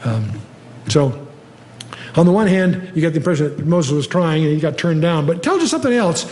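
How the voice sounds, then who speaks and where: An older man teaching the Bible verse by verse in a conversational way, often pausing with fillers and lifting his voice to read scripture aloud. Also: a little high, very animated, a little mellow. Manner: conversational, reads scripture aloud with rising emphasis, frequent fillers.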